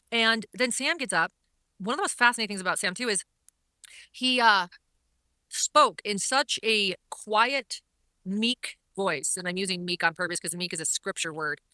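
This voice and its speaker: Woman recapping a court hearing to camera, bright tense voice, dry close sound. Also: mid-range voice, no room sound. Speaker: online commentator.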